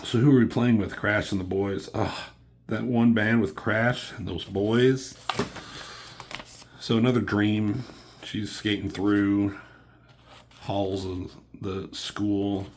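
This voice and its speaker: A man's voice: fairly low pitch, flat delivery, slow, pauses often, slight background noise. A young man casually reviewing a comic, rambling, laughing and acting out the characters' lines in voices. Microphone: camera mic.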